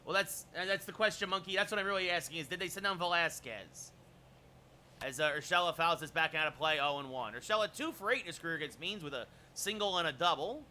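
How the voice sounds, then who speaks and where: Streaming a baseball video game, a man calls the action like a broadcaster and talks with viewers between pitches. This live commentary moves at a quick pace and breaks out into shouted home-run calls.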